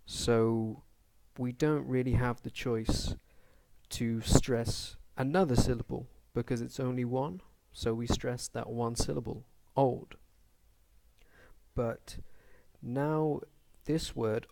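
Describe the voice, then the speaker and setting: A man gives an English grammar lesson at a very unhurried pace, pausing between short phrases. His voice sits at an ordinary middle pitch. He spells words out letter by letter as he explains the rules. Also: darkish tone. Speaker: English teacher.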